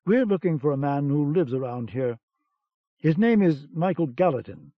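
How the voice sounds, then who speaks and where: A man reading an audiobook, voicing a measured, superior young British intelligence captain in a dull old recording. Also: fairly high pitch, animated, no room sound, close to an everyday voice. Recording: dull cassette-era audiobook sound.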